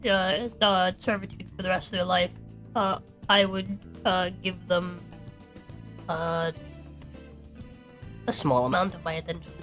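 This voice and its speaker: A woman's voice: on the low side, steady tone, unhurried, pauses often, a bit bright, soft background music. A woman co-hosting a podcast in casual chat, playful and teasing, reading chat questions aloud. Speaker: podcast co-host.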